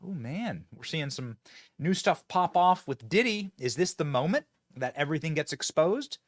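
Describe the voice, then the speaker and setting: A man's voice: on the high side, sing-song, moderate pace, no room sound, clean studio sound. A man hosting a political show, giving mocking, sarcastic commentary and laughing often.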